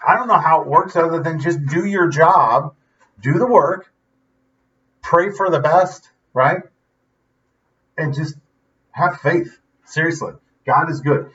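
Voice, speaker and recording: A man's voice: on the high side, slow, long pauses, a bit bright. A man hosting a vlog, talking earnestly and in a rambling, casual way, often tagging his sentences with "right?". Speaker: vlog host. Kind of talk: casual motivational talk. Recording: dull audio from a distance.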